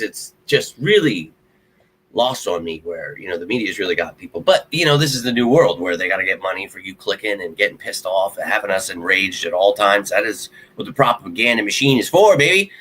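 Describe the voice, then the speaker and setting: A man's voice: fairly low pitch, animated, a little fast, sharp tone, a little hiss or hum, poor audio. A man hosting his own live sports show, rambling bluntly and heatedly about his football team to viewers. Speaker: sports podcast host. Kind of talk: casual fan commentary to a live stream.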